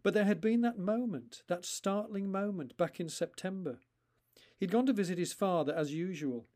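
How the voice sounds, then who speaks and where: Male author-narrator; deliberate, paused storytelling with a somewhat high voice. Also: a little mellow. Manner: slow, deliberate, with pauses between phrases. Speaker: author reading his own story.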